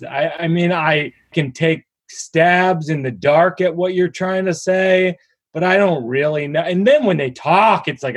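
A man's voice: fairly high pitch, measured pace, no room sound. A middle-aged man, a comedian, chatting casually and joking in a self-deprecating way in an interview. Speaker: comedian guest.

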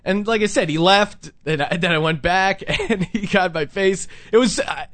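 A young man with a high voice tells a story on his podcast, chatty and animated, slipping into the voices of the people he quotes. The sound is close and dry, with no room around it. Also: moderate pace, dry recording. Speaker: podcast host. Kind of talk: casual storytelling chat.

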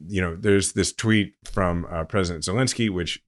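A man hosting a podcast, explaining political news in a relaxed, chatty way. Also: low voice, normal speed. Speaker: podcast host. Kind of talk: casual political commentary.

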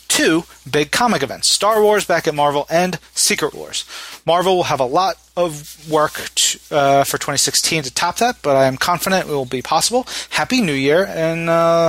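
A man's voice: a little high, no room sound. Chatty male podcast host, dry sound. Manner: relaxed, chatty, many fillers. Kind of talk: casual chat, reading listener messages.

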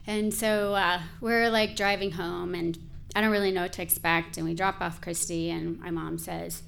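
A woman's voice: on the low side, steady tone, normal speed, vocal fry, fairly bright tone, clear, resonant tone. A woman in her forties telling a personal story in a candid, conversational way, with frequent filler words.

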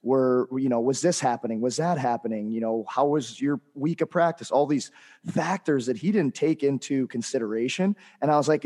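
A man's voice: medium pitch, normal speed, mellow. A man co-hosting a podcast, speaking emphatically and addressing listeners directly. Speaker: podcast co-host and hockey trainer. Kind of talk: casual podcast chat.

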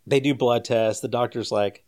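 An average-pitched man telling a story in a loose, conversational way, with a lot of laughter. His voice leaps up and gets louder whenever he acts out what someone said. It drops quiet and low when he reflects. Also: normal speed. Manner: animated, jumps much higher and louder when quoting people. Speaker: guest storyteller. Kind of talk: casual storytelling on a podcast.

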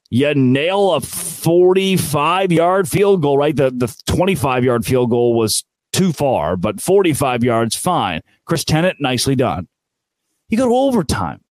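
A man hosting a college football recap show, ranting with exasperated sarcasm and animated swings in his voice. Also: fairly high pitch, no echo. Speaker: sports show host.

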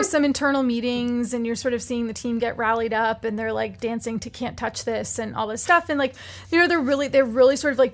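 A woman co-hosting a podcast, giving a brisk, informative recommendation in a casual chat. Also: on the high side, gravelly. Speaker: podcast co-host.

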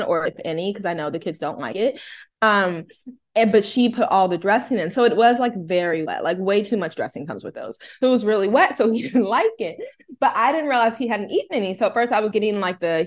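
A woman, a mother co-hosting a podcast, telling a rambling family story in casual chat, full of "like" fillers. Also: mid-range voice. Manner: chatty, rambling, many "like" fillers.

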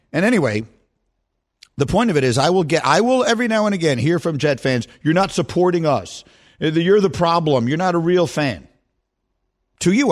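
A middle-aged man hosting a sports radio show, talking in a casual, emphatic rant. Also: on the high side. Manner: animated, emphatic ranting.

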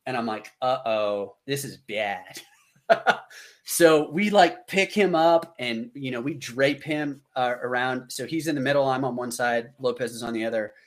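American man telling a war story. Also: mid-range voice. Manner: animated, acts out quoted dialogue, frequent fillers. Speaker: podcast guest, combat veteran. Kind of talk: casual storytelling.

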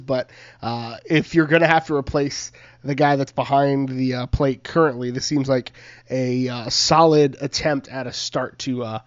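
A man co-hosting a casual sports podcast, giving measured, reflective commentary. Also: medium pitch, dry recording. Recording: dry, dull lo-fi sound.

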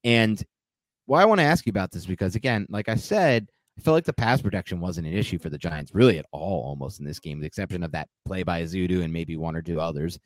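A man co-hosting a casual sports podcast, quick and analytical, asking pointed questions. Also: low-pitched, dry recording. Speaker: podcast co-host.

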